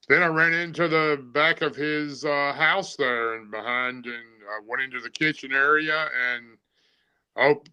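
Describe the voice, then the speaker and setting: A man's voice: mid-range voice, sharp tone, poor audio. A man telling a story in a plain-spoken, rambling way, with many fillers. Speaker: guest telling an encounter story. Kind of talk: casual storytelling.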